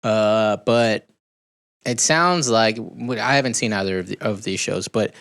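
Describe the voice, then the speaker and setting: A man's voice: on the low side, measured pace, creaky, fairly bright tone, clear, resonant tone. A man co-hosting a podcast in casual chat, rambling and joking at his own expense. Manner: rambling, joking, self-deprecating. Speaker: podcast co-host.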